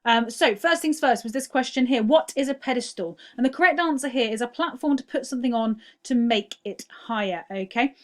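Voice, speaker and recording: A woman's voice: fairly high pitch, a little fast, hardly any pauses. A young woman teaching a recorded online lesson, patient and explanatory, often checking "all right?" with many ums.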